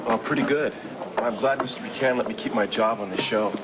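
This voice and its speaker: A man's voice: mid-range voice, fast talker, lightly acted. An actor playing a joking, easygoing young man. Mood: playful. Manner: playful, joking. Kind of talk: 1980s TV soap opera acting. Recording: hissy old TV broadcast recording.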